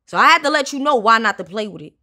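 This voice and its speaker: A woman rapper from Brooklyn, casually breaking down her song in a lively way and dropping into ad-lib sounds. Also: fairly high pitch, rapid-fire. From Brooklyn, New York.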